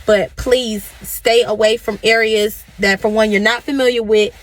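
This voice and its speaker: A woman's voice: on the high side, steady tone, moderate pace. A woman giving an earnest, pleading safety warning to viewers.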